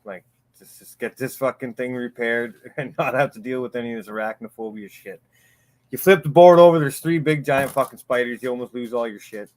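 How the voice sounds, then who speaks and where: A man's voice: mid-range voice, fairly quick. A man in casual chat, telling stories with a lot of swearing and laughter. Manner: profane, laughing storyteller. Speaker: podcast panelist.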